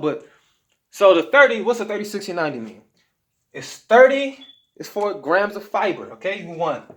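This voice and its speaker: A man's voice: high-pitched, a bit bright. A man giving diet advice to camera in a casual motivational talk, emphatic and slangy, often asking "okay?". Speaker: health vlogger.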